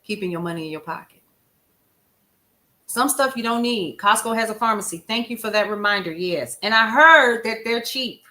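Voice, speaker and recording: Bright-voiced woman hosting a live stream. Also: fairly high pitch, normal speed. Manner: emphatic, conversational, addresses viewers as "y'all". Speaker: livestream news show host. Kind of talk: casual livestream chat, answering viewer comments.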